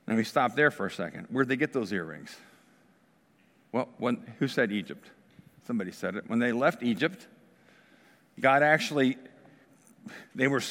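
Animated man preaching in a reverberant hall. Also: medium pitch. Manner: animated storytelling, acts out voices of the people. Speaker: pastor. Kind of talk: sermon.

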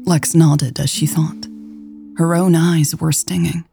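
A woman narrating a romance story in a calm, even storytelling voice. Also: sits low, measured pace, gravelly, soft background music. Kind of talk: scripted audiobook narration.

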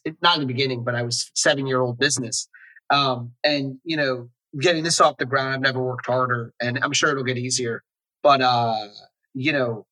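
A man's voice: medium pitch, bright, forceful tone, poor audio. A man hosting a podcast interview, talking in a chatty way with many restarts. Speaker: podcast host.

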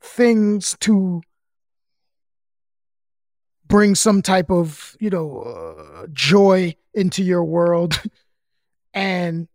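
A man's voice: high voice, lively intonation, dry recording, clean studio sound. A man hosting a podcast, speaking in a reflective way and working through his ideas aloud in casual chat. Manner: slow, reflective, thinking out loud. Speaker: podcast host.

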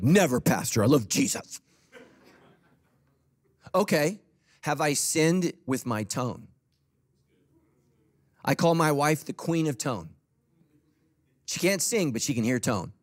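A middle-aged man preaching a sermon as a pastor, humorous and conversational. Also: fairly high pitch.

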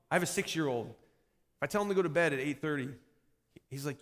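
A man in his thirties preaching a sermon as pastor, shifting from lively delivery to quiet, intense passages. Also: fairly high pitch, a little fast, pauses often. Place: church sanctuary. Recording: long hall reverb.

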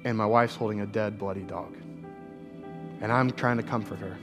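A pastor in his thirties preaching a sermon, earnest, his voice climbing into emphatic, repeated lines and dropping low and quiet to tell a personal story. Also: fairly even intonation, brisk, over music.

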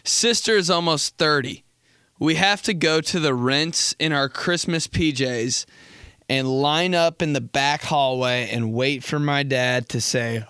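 A man's voice: a bit bright, smooth, dry recording, clean studio sound. A man in his twenties chatting casually and comedically, rambling and acting out quotes with frequent laughter. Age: 20s. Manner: rambling, laughing, acts out quotes in high voices. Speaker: podcast host.

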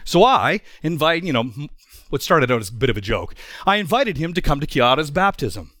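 Animated middle-aged preacher, fairly high voice. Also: male voice, brisk, no room sound, studio quality. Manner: animated, emphatic, with frequent restarts. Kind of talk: storytelling sermon.

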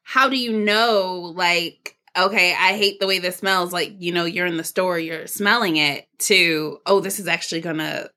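A woman's voice: fairly low pitch, steady tone, moderate pace, hardly any pauses, sharp tone. A woman hosting an interview, asking curious questions and cutting in to clarify. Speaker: host. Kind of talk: casual interview talk.

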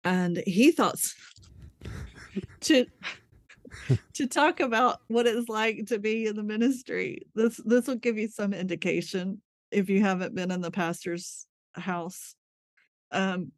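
Speaking with a mid-range voice, a woman shares her story openly as an interview guest in candid, conversational fashion. Her laughter comes readily, and she tends to drift off mid-thought and begin again. The audio is close-miked and dry.

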